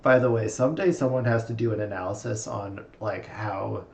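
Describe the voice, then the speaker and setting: Gravelly low-voiced man cracking dry jokes. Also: brisk, darkish tone. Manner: dry, sarcastic jokes, laughs a lot. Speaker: co-commentator. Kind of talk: casual reaction chat.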